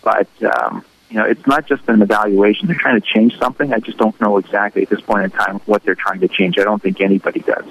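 A man who is a radio interview guest, recounting a personal experience in an earnest, halting, emotional way. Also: on the low side, fairly even intonation, creaky, a bit bright, highs cut off.

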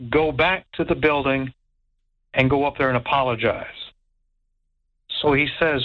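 A man telling a ghost story in an animated way, stammering, repeating words and acting out what others said. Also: medium pitch, unhurried, long pauses, lo-fi sound. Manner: stammers and repeats words, acts out quoted voices. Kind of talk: animated spoken anecdote.

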